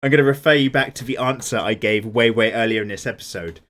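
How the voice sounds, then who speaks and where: A man's voice: medium pitch, quick pace, fairly bright tone. A man, chatting casually while drawing and answering viewer comments in a laid-back, playfully indignant way. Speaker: art YouTuber.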